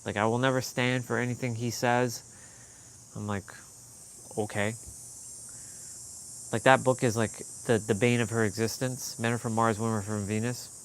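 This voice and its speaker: A man's voice: medium pitch, little pitch movement, moderate pace, long pauses, slight background noise. Young adult male vlogger, raw and candid, recounting a past fight. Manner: candid, swearing, quoting others in heated bursts. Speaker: fitness vlogger. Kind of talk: emotional personal storytelling.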